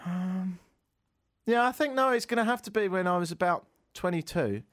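A man's voice: high voice, animated, normal speed, a bit bright, no echo, studio quality. A young man in his twenties, co-hosting a casual radio chat, playful and jokey, stumbling over foreign words. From England. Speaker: radio co-host.

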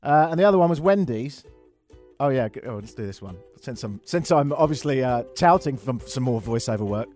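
A man's voice: on the high side, animated, brisk, a little mellow, soft background music. A man with an English accent hosting a call-in radio show, talking in a sarcastic, wry and rambling way. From England. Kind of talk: talk radio monologue.

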